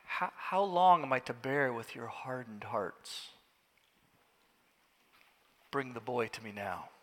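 A man voicing a calm, grave and tender teacher, who speaks slowly and quietly, recorded in an echoey hall. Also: medium pitch, creaky. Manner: slow, solemn, quiet.

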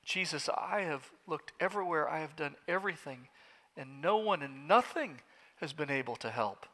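Brief: a heartbroken father, pleading at a high, cracking pitch, as a preacher puts him on, with a long hall echo. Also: animated, moderate pace, bright, forceful tone. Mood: desperate pleading. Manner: pleading, breaking, urgent. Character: desperate pleading father of a sick boy. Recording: echoey hall.

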